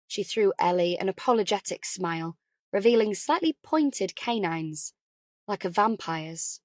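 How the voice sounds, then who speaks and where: A woman narrating a crime novel audiobook in a calm, even, quiet storytelling voice. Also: mid-range voice, unhurried, no room sound, studio quality.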